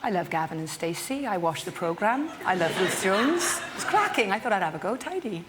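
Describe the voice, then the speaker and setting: A woman's voice: medium pitch, sing-song, a little fast, heavy background noise. A woman guest who sings, chatting with enthusiasm and laughing. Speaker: singer and guest.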